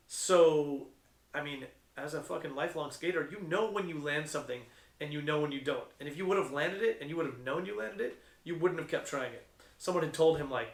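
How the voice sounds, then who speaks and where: A middle-aged man talking loosely and profanely, full of slang and swearing. His voice sits a little high for a man. The room around him rings with echo. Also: brisk. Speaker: skate contest judge. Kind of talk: casual storytelling.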